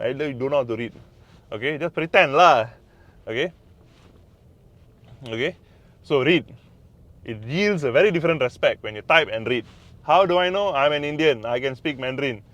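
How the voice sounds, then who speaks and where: A man with a Malaysian English accent, a Mandarin teacher giving casual tips, emphatic and repetitive. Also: a little high. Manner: emphatic, repeats phrases, mixes in Malay words. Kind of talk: casual language tips to camera.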